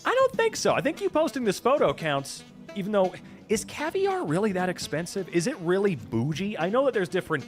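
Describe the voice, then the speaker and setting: A man's voice: high voice, fairly quick, soft background music. A man hosting a casual reaction stream, ranting sarcastically with lots of profanity. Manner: animated, profane, sarcastic rants. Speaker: VTuber streamer reacting to posts.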